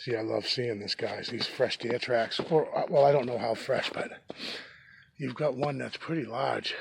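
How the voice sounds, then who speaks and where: A chatty man with a thick Boston accent rambles and jokes as he hikes through a snowy forest, a little out of breath. His voice has a gravelly edge at an ordinary pitch. The outdoor recording carries clear rustling and wind noise behind him. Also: moderate pace. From New England. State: slightly winded from hiking. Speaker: hiking vlogger. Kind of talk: casual walk-and-talk vlog.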